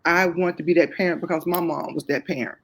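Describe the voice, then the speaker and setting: A woman's voice: on the low side, fairly even intonation, quick pace. A woman with a Southern US accent, speaking as a guest and telling her life story openly, full of faith and repeating phrases for emphasis. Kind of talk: candid testimony in conversation.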